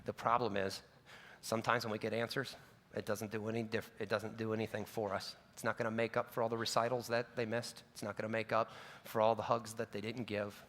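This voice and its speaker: A man's voice: lowish voice, little pitch movement, brisk, a bit bright. A man preaching a sermon in an earnest, personal storytelling way, with casual asides and self-corrections. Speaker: pastor. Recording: long reverb of a large hall.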